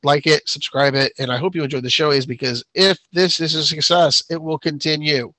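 A man's voice: a little high, fairly even intonation, brisk, sharp tone, no echo. A man co-hosting a show, chatting casually, rambling and laughing often. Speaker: podcast co-host. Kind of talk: casual chat.

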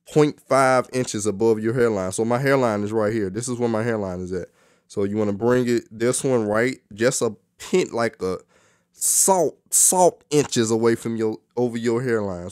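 A man's voice: fairly low pitch, no echo, studio quality. A young man giving a casual, joking hair tutorial, cursing freely and talking in loose street slang. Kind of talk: casual how-to demonstration.

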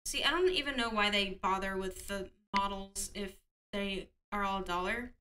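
A woman's voice: medium pitch, moderate pace, heavy background noise. A woman streaming a game, talking casually in an offhand, joking way and muttering to herself. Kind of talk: casual live-stream commentary.

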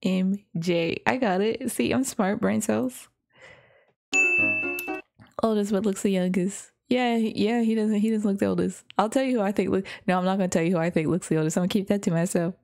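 A woman hosting a reaction video in casual commentary, laughing constantly and exclaiming in quick bursts. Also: medium pitch, gravelly, a little mellow.

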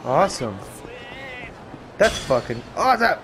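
A young man narrates his playthrough in a lively, up-and-down voice that sits a bit high for a guy. He swears constantly and yelps when things surprise him. Game music plays clearly underneath. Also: normal speed. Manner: excitable, swears a lot, yelps and laughs at the game. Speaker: gameplay streamer. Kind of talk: casual let's-play commentary.

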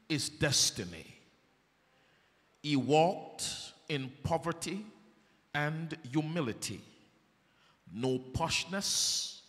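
A man preaching a sermon as an evangelist, in a dramatic, rhetorical style that swells to shouts. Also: mid-range voice. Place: church sanctuary. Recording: echoey church hall.

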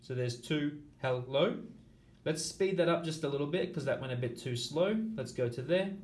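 A man's voice: fairly high pitch, moderate pace, darkish tone, reverberant. A man teaching an app tutorial, explaining each step in order and counting aloud as he goes. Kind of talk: screen-recorded tutorial walkthrough.

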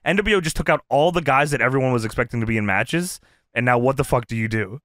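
A man co-hosting a casual podcast, laughing often and acting out quotes in loud, high voices. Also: quick pace, no echo, studio quality. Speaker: podcast co-host.

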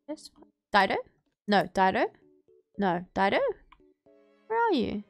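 A young woman in her twenties streaming gameplay, giggly and excitable, swearing freely as she comments. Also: high-pitched, moderate pace, pauses often, faint music behind.

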